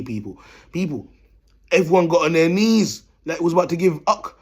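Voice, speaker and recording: A man's voice: fairly high pitch, sing-song, a little fast, slightly rough. A man with a London accent telling a rambling, slang-filled story to his viewers, repeating himself and calling them "people". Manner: slangy, repetitive, bursts of laughter, addresses "people". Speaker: self-styled prophet vlogger.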